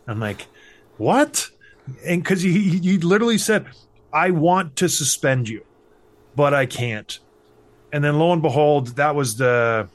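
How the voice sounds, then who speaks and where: A man in his thirties telling a hockey story in casual chat, acting out the voices of the people he quotes. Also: medium pitch. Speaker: podcast host, former hockey player.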